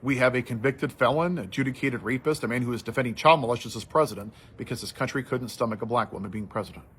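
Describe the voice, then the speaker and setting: A man giving impassioned social commentary, telling a story and then building to forceful outrage. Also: medium pitch, fast, a little hiss or hum.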